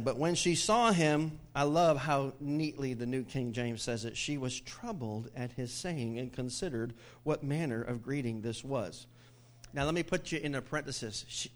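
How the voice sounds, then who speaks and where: This middle-aged male pastor preaches to his church with a mid-range voice at normal speed. He tells stories in an animated way, mixing in jokes and laughter.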